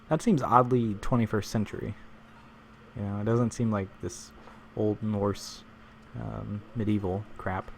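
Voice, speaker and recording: A man's voice: fairly low pitch, fairly even intonation, unhurried, creaky, slight background noise. A man live-streaming a game, chatting casually with viewers, joking and rambling with frequent chuckles.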